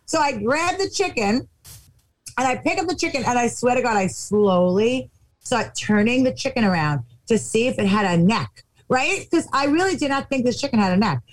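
In casual chat, a woman tells a funny anecdote, animatedly acting out the voices and quotes of the people in it. Her voice is on the high side at normal speed, and the recording is low quality.

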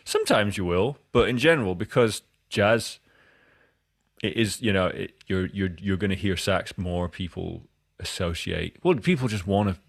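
Low-voiced Scottish man, rambling chat. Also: expressive, normal speed, creaky, breathy edge, no room sound, clean studio sound. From Scotland. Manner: rambling, self-interrupting. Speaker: podcast host. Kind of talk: casual interview chat.

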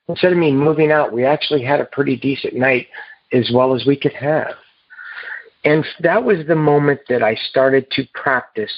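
A man telling his recovery story to a meeting in a halting, earnest way, heard over a phone. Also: medium pitch, breathy edge, no room sound. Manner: halting and earnest, with repeated restarts. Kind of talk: personal recovery story told to a group. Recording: muffled phone line.

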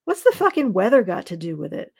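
Crude snappish fisherman, mellow read, by a woman author. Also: medium pitch, wildly swooping pitch, quick pace, creaky, husky, exaggerated voice.

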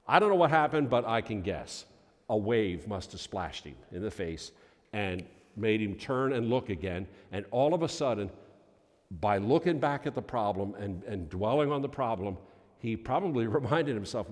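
Man preaching in a reverberant hall. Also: mid-range voice. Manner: folksy storytelling, building to loud emphatic peaks. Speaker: pastor. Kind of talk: sermon. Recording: long reverb of a large hall.

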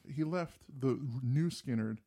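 A man with a gravelly, creaky edge co-hosts a relaxed music conversation. He tells stories with energy and slips into little impressions of riffs and voices. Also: mid-range voice, a little slow. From New Jersey. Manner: animated storyteller, mimics voices and guitar riffs. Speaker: podcast co-host. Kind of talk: casual chat about music.

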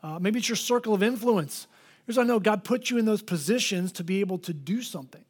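Animated high-voiced male pastor. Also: quick pace, husky. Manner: animated storytelling, acts out quoted voices. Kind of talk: preached sermon. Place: church.

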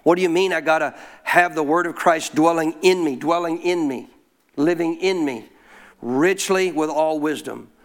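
A man's voice: a little high, moderate pace. A middle-aged male pastor, preaching a sermon in an emphatic call-and-response style.

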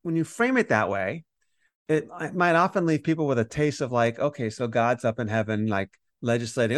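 A man co-hosting a Bible study podcast, explaining scripture in a lively conversational teaching style and acting out the quoted voices. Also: medium pitch, brisk, no room sound, clean studio sound. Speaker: podcast co-host teaching on Romans.

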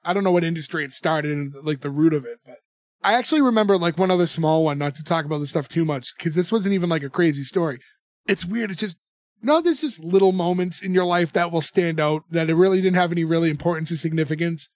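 A man with a slightly high voice, talking in loose casual podcast chat. He rambles through a recap, full of fillers and restarts. His voice sits close and dry on the mic. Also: fast, no room sound. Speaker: podcast co-host.

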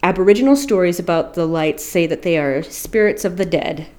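A woman with a slightly low voice co-hosts a chatty podcast. She rambles through a spooky tale in a loose, casual way, swearing freely and laughing at her own stumbles. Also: a little fast, mellow. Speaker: podcast co-host. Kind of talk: casual storytelling chat.

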